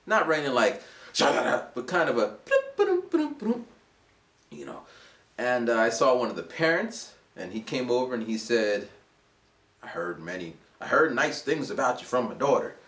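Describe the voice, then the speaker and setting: A man around forty, an English teacher, casually telling a rambling story for his vlog. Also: moderate pace. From United States. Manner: animated, rambling, acts out voices in a high pitch. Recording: roomy echo.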